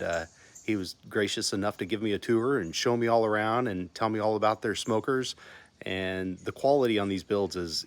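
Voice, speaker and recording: A man's voice: on the low side, no room sound. A middle-aged man from Texas hosting a casual barbecue vlog from home, rambling and restarting his sentences often. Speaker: channel host.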